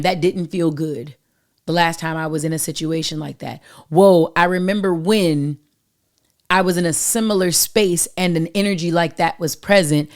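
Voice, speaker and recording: A woman with a fairly low voice talks straight to her listeners. She gives love advice in a casual, emphatic monologue full of slang. She sounds like a show host speaking to her regular audience. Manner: emphatic, preachy, uses slang and direct address.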